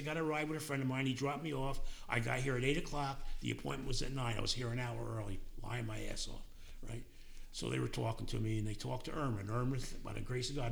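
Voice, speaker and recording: A man's voice: mid-range voice, vocal fry. An older man telling his own recovery story in plain, casual words, acting out the voices of the people in it. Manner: plainspoken, acts out quoted voices. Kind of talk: personal storytelling at a meeting.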